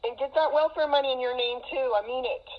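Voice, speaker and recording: Agitated high-voiced woman on a muffled call. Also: steady tone, fast, heavy background noise. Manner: agitated, lecturing, emotional. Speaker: mother on a call with her adult daughter. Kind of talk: heated personal phone conversation.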